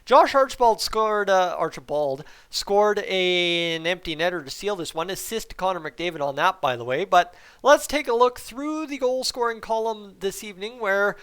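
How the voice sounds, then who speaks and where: A middle-aged man hosting a hockey post-game review, talking in excitable, sarcastic, animated rants. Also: sits high, moderate pace, hardly any pauses, clear, resonant tone. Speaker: hockey vlogger.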